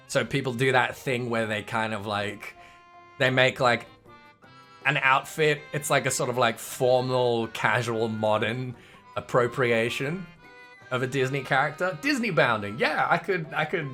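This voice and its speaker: A man's voice: medium pitch, sharp tone. A man giving casual, jokey commentary while playing a game, rambling and chatty. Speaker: gaming streamer. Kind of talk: casual let's-play commentary.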